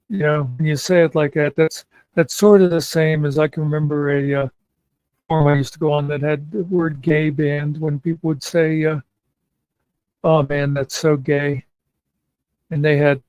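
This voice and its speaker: A man's voice: fairly high pitch, darkish tone, no room sound, rough recording. A man hosting a casual chat show, rambling and meandering with many fillers. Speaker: podcast host.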